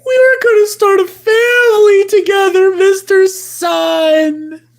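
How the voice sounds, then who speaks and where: A squeaky, very high lovesick plush toy played by a woman who gushes and wails melodramatically through a comic live-stream skit. The talk drags out slowly, each word stretched with overwrought longing. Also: steady tone, exaggerated voice. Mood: lovesick wailing. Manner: wailing, gushing, melodramatic.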